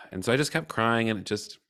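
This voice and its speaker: A man candidly reflecting on his feelings in a personal talk, open and emotional, with casual swearing and halting restarts. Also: mid-range voice, animated, bright, forceful tone. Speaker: cohort facilitator.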